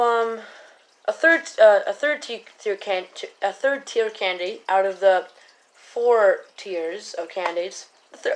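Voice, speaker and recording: A woman's voice: medium pitch, low-quality recording. A woman talks casually to camera in an ordinary mid-range voice. She rambles, fills gaps with "um" and "like," and keeps backtracking to fix her own slips. A faint hiss of background noise sits under the recording. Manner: rambling, keeps correcting herself, many fillers. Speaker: political vlogger.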